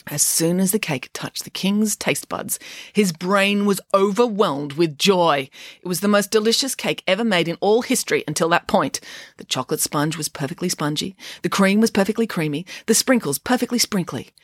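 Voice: medium pitch, normal speed, no room sound, clean studio sound. A narrator reading a comic story aloud in a playful way, full of asides.

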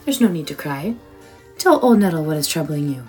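A woman voicing a gentle, motherly old female witch who soothes a child in a soft voice. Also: low voice, animated, a little fast, soft background music. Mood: soothing. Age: older.

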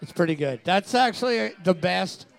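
Gravelly high-voiced joking co-host. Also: male voice, lively intonation, moderate pace. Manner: teasing, rambling, laughing along. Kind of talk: live banter.

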